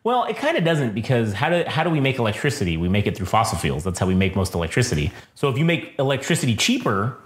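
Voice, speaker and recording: A man co-hosting a podcast, chatting casually and telling stories in an animated, profane, ranting way. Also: medium pitch, quick pace, few pauses. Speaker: podcast co-host. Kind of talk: casual chat and storytelling. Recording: roomy echo.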